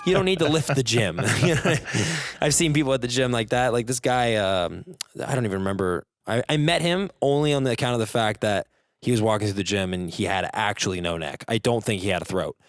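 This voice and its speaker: A man's voice: medium pitch, a little fast, no echo, studio quality. A man speaking as a guest on a casual podcast, telling stories and mimicking the people he quotes. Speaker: guest, jiu-jitsu competitor.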